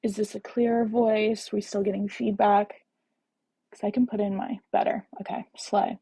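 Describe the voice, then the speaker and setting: Chatty young woman on a phone live, bit of vocal fry, bubbly, jokey about herself. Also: medium pitch, flat delivery, normal speed, dark tone. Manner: bubbly, chatty, self-deprecating. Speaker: podcast host reading live. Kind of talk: casual livestream chat. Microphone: phone with earbud mic.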